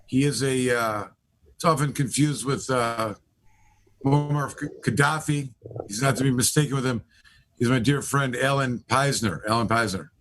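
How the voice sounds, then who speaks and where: A middle-aged man hosts a live talk show in a casual, rambling way. He leans on fillers and restarts as he introduces each guest. His voice sits at an ordinary middle pitch. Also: a bit bright, a little hiss or hum. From Michigan. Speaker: host, attorney.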